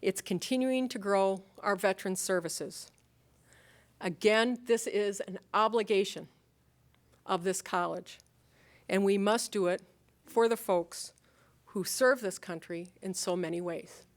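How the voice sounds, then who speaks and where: A middle-aged woman with an Upper Midwest American accent delivers a convocation address as a college president. She speaks earnestly and rallies her listeners, asking rhetorical questions and slipping in light humor. Her voice sits at an ordinary middle pitch. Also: measured pace. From Upper Midwest of the United States.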